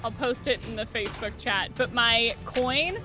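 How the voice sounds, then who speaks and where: A woman's voice: on the high side, normal speed, music in the background. A woman playing at a tabletop game, chatting casually in an upbeat, laugh-prone way. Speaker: player.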